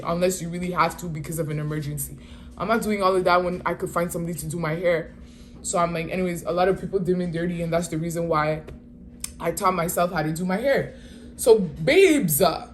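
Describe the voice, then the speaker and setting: A woman in her twenties telling a casual storytime, animated and slangy, retelling with exasperation. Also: lowish voice, a little hiss or hum. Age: 20s. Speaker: vlogger.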